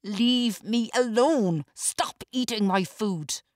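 A woman's voice: deep voice, unhurried, no echo, clean studio sound. A woman reading a storybook, voicing a bitter, controlling rich older man who screams and bullies. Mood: screaming. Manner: screaming, bullying.

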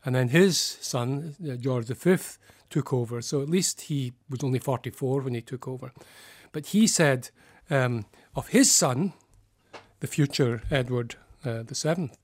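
Man, Scottish accent, middle pitch, explanatory, halting, interview guest. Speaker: clinical psychologist guest.

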